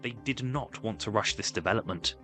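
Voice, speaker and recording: A man narrates history from a script, dropping wry, sarcastic jokes along the way. His voice sits on the low side but sounds bright and forceful, with faint music underneath. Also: brisk. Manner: wry, jokey, sarcastic asides.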